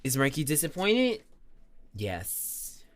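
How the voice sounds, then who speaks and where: A man's voice: fairly high pitch, huge pitch swings, takes it slowly, a little hiss or hum. A young man streaming and chatting casually. He talks about himself in the third person and mocks himself. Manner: self-mocking and chatty. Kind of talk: casual live-stream chat.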